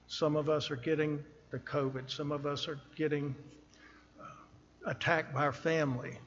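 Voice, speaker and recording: A man preaching a sermon from a church pulpit, speaking slowly and earnestly and pressing hard on the scripture he reads. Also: a little high, level tone, a bit bright, in a large hall, lo-fi sound, a little hiss or hum. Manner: earnest, slow and emphatic, rising on scripture.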